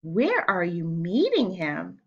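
A woman voicing a hungry snake in a storybook that scares easily, speaking slowly. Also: on the low side, huge pitch swings, breathy edge, lo-fi sound, heavily acted. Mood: wary. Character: hungry snake, startled coward.

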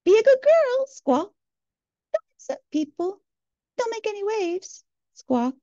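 A woman's voice: very high-pitched, very animated, a little slow, mellow, dry recording, pitched above the performer's own voice, exaggerated voice. A woman voicing a nagging mockingbird of inner criticism that scolds and squawks between lines. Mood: frantic. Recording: slightly muffled, dry recording.

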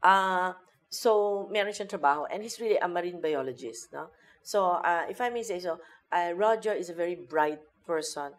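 Her fairly low voice moving at a moderate pace, the woman comedian guest chats casually, telling animated stories and mixing Tagalog and English as she goes.

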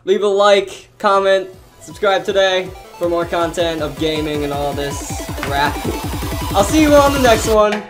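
A young man playing a horror game, jumpy and excitable, swinging from quiet mumbling to panicked screaming. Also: high-pitched, unhurried, faint music behind. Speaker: gaming YouTuber.

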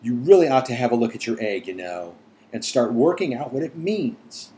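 A man's voice: mid-range voice, big pitch swings, normal speed, mellow, close to an everyday voice. A man voicing a studious teenage girl urging her friend to get to work, in a storybook reading.

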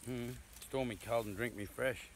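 A man with an Australian accent tasting beer outdoors with a mate, exclamatory, swearing and quick to laugh. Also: mid-range voice, slight background noise. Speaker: co-host. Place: outdoors in the bush.

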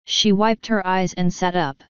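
A woman narrating an audiobook in a calm, even storytelling manner. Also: fairly low pitch, measured pace, smooth, no room sound, muffled recording. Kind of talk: scripted narration.

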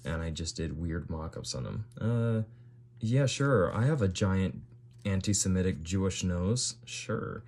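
A deep, darkish male voice with lively intonation and an unhurried pace belongs to a young man looking through an old sketchbook on video. He comments offhandedly, reacting in bewilderment and using fillers along the way.

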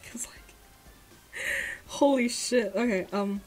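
Young woman, casual gaming commentary, mumbles low and then bursts into shrieks, faint music underneath. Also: normal speed, low-quality recording. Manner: swings from mumbled low sighs to shrieking excitement. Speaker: gacha gaming streamer.

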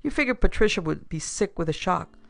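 A woman voicing a calm, amiable male detective who lays out his accusations in a casual, even tone. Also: fairly low pitch, fairly quick, creaky, dry recording. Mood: calmly accusing.

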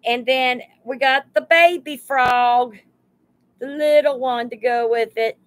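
A woman runs a live sale stream, pricing items one by one and greeting her viewers by name. She talks in an unhurried, homey drawl, with a fairly high voice. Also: fairly even intonation, poor audio. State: overheated.

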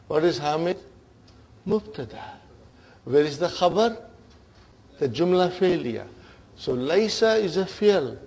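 Man, Arabic grammar teacher, classroom lecture, gravelly, somewhat high-pitched, encouraging, checks in often. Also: darkish tone. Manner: checks understanding with frequent "huh?" and "okay?"; encouraging, addresses students as brothers and sisters.

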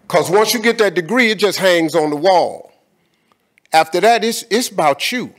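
A man's voice: high voice, normal speed. A man speaking as a guest in an on-stage conversation, talking in an emphatic, colloquial way with preacher-like repetition.

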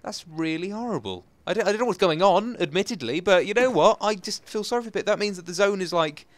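A man doing excitable, self-mocking commentary over a video game and talking straight to his viewers. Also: high-pitched, fast talker, dry recording. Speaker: gameplay commentator. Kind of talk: let's play commentary.

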